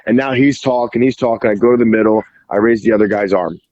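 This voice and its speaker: A man guesting on a podcast, telling an animated story in casual speech full of "like" fillers and casual swearing. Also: on the low side, fast, highs cut off, slight background noise. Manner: animated, heavy "like" fillers, acts out quoted dialogue, swears casually. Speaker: podcast guest, jiu-jitsu referee.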